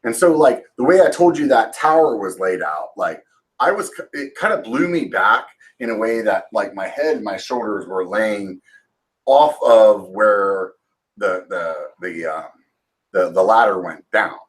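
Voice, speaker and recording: A man in his forties with a lowish, expressive voice hosts a channel and tells a long story casually at a measured pace. He swears freely and rambles with fillers and restarts, sometimes acting out quotes in a raised voice. The recording is rough.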